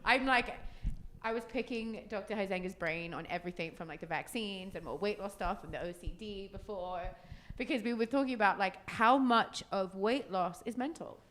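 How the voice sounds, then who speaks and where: A woman's voice: medium pitch, moderate pace, fairly bright tone. A woman in her thirties co-hosting a casual podcast, blunt and teasing, swearing freely. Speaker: podcast co-host. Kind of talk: casual chat.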